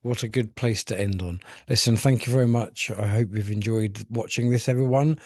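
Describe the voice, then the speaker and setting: Easygoing low-voiced male host. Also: moderate pace, darkish tone, no echo, clean studio sound. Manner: easygoing, brief interjections. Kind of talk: casual chat.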